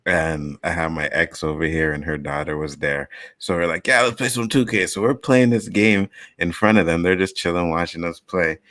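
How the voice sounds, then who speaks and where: A man hosting a casual chat, telling animated stories and swearing freely. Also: deep voice, normal speed, hardly any pauses, no room sound, studio quality. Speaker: podcast host.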